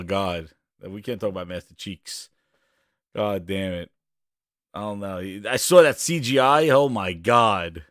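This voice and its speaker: A man's voice: fairly low pitch, no echo, studio quality. A man hosting a casual gaming livestream, rambling and profane, sometimes breaking into joking singing. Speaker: podcast host.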